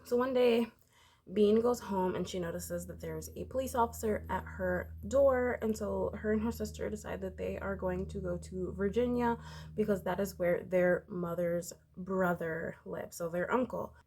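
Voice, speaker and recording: A woman's voice: mid-range voice, normal speed, dark tone, a little hiss or hum. A woman and parent talking casually in a book vlog, rambling with lots of "like" and restarts. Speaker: book vlogger. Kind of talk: casual book review chat.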